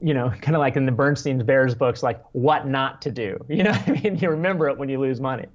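A man's voice: mid-range voice, fast. Earnest man co-hosting, dull lo-fi sound. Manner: earnest, restarts mid-sentence. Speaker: podcast co-host. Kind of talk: casual chat. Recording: dull lo-fi audio.

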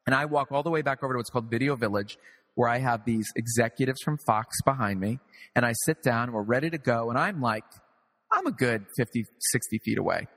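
A man who is a playwright and director, guest in a casual interview, telling lively anecdotes with some swearing and acting out other people's lines. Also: mid-range voice, fairly quick, big-room sound. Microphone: video call.

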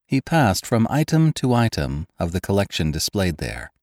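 A man reads a classic tale in a measured, expressive way. His low voice moves widely in pitch, and the recording is close and dry. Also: no echo. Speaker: narrator. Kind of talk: audiobook narration.

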